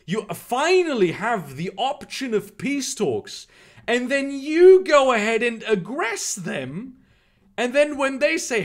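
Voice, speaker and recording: With a very high voice, this man is very animated yet takes it slowly. He's live-streaming casual commentary, reading news and answering chat while rambling, swearing in exasperation, and restarting often.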